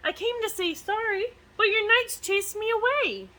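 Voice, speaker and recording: A woman's voice: very high voice, normal speed, sharp tone, pitched above the performer's own voice. A woman reading aloud and voicing a big male dragon who is sorry and easily scared. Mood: roaring. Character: big apologetic male dragon, timid underneath.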